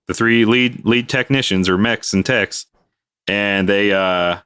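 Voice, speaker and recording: A man's voice: fairly low pitch, a bit bright, clean tone. A man telling a work story in casual podcast chat, acting out the people he quotes with big jumps in his voice. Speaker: podcast co-host, aviation maintenance worker.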